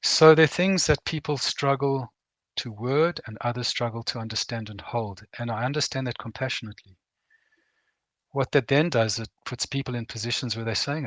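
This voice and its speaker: A man's voice: medium pitch, normal speed, fairly bright tone, no echo. A middle-aged man speaking earnestly and plainly as a guest on a veterans' program, acting out short bits of dialogue as he talks. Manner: earnest, plain-spoken, acts out quoted dialogue. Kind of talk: reflective talk.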